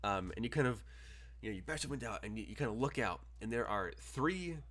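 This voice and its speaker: A man's voice: on the low side, lively intonation, fast, a bit bright. A man narrating as game master, rambling with many fillers and chuckles.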